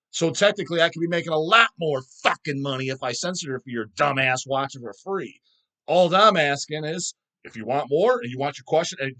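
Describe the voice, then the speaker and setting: A man's voice: fairly high pitch, pushed and bright. A man hosting his own video channel, ranting and swearing constantly in a mocking, scornful way. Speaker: channel host. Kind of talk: profane rant vlog.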